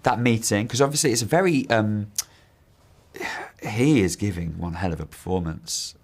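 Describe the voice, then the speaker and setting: A man interviewing a guest in a relaxed way, often halting and repeating words as he asks questions. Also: on the low side, soft background music. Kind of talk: casual interview.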